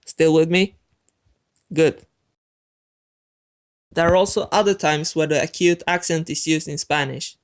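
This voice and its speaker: A man teaching a language lesson in a clear, methodical scripted narration, talking straight to the viewer. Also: fairly high pitch, fairly even intonation, a little slow, long pauses.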